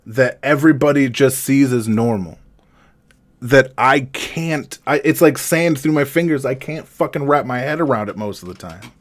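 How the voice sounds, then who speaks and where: Man, live-stream confession, halting, rambling, swearing a lot, emotionally raw. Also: mid-range voice.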